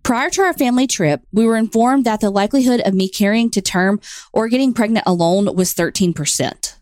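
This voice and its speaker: A woman co-hosting a podcast, chatting and reading out a listener's story in a plain, steady way. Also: mid-range voice, a little fast, no echo, studio quality. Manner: reads letters aloud in a plain, steady way. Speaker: podcast co-host. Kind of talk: casual chat and reading listener stories.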